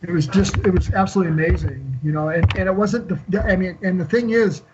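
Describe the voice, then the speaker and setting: A man in his sixties, a guest on an interview show, telling an emotional personal story in a halting way with many fillers and restarts. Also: sits high, noisy background. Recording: dull lo-fi call audio.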